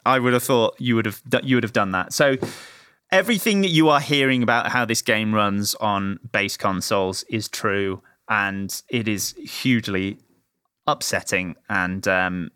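A man's voice: fairly low pitch, moderate pace, sharp tone, clean tone, no room sound, clean studio sound. A man chatting casually about a game, rambling with many fillers and restarts. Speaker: game reviewer. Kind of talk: casual chat.

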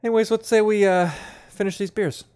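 A man's voice: high-pitched, fairly even intonation, brisk, a little mellow, clear, resonant tone. A man co-hosting a casual podcast chat, jokey and playful, laughing often. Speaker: podcast co-host.

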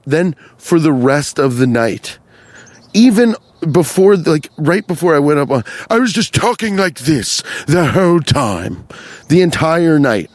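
A man's voice: fairly high pitch, no room sound. A young adult man hosting a comedy podcast, talking in a profane, rambling, self-interrupting way.

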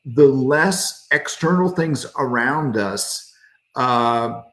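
A middle-aged male pastor leads a casual midweek devotional, folksy and quick to crack a joke. He answers viewer comments as they come in. His voice sits at an average pitch, and the room adds a roomy echo. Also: lively intonation, a bit bright.

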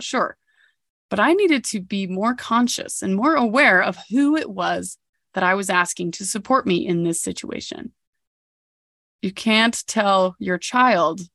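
A woman's voice: medium pitch, gravelly, fairly bright tone, no echo, clean studio sound. A woman in her thirties hosting a podcast, telling a personal story in a candid, reflective way. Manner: candid and reflective, with occasional laughs. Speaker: podcast host.

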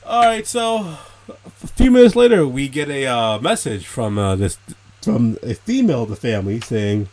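A young man casually telling a story and acting out quoted voices, animated and swearing. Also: medium pitch, moderate pace. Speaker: host answering questions.

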